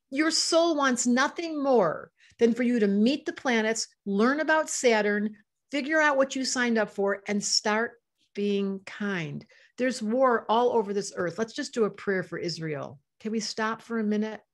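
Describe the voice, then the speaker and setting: An older woman speaking with fervent emotion on a live stream. Her voice sits fairly high as she teaches astrology and reads viewers' chat comments aloud. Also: unhurried.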